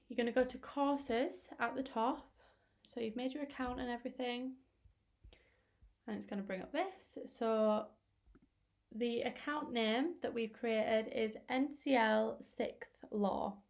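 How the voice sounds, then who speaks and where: Slightly high woman, tutorial voice-over. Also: slow, pauses often. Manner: chatty, explanatory with fillers. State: losing her voice. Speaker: teacher. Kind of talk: screen-recorded tutorial.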